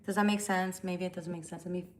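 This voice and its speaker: A fast-talking woman with a lowish voice and little pitch movement hosts a live tarot stream on her phone, with slight background noise. Casual in tone, she's nonetheless blunt, profane, and confrontational as she calls out viewers.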